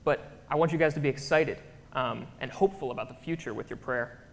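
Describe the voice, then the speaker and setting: Speaking fast at a medium pitch, a man delivers an informal, conversational church sermon. He's talkative and often checks in with the crowd, and the sound carries a long hall reverb.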